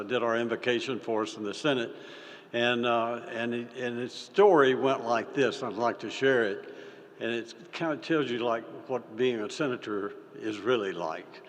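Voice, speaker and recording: An older man giving a folksy, halting speech as a state senator, with many fillers and restarts. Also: medium pitch. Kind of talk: folksy speech with a told story. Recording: reverberant hall.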